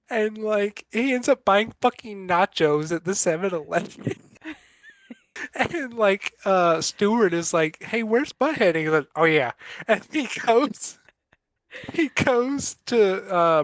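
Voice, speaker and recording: Co-host, casual chat, mid-pitched, animated storyteller, dry close mic. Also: no echo. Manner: animated retelling of cartoon scenes with laughter. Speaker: podcast co-host.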